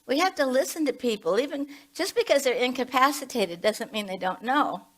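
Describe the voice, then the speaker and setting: A woman's voice: sits high, lively intonation, fairly quick, a bit bright, rough recording. A woman in her late seventies, a minister and hospice chaplain, giving a conversational sermon full of personal stories and asides. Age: 70s. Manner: chatty, storytelling with asides.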